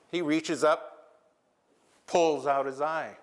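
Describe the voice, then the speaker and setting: A man telling a traditional tale to a live audience in a lively, engaging way, with asides to the listeners. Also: medium pitch, unhurried, big-room sound, a little hiss or hum. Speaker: traditional storyteller. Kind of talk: oral storytelling to a live audience. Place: lecture hall.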